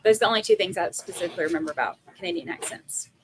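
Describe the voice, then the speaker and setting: A woman's voice: fairly low pitch, racing, slight background noise, rough recording. A woman hosting a live trial stream, talking in a chatty, self-mocking way between courtroom segments. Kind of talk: casual live commentary.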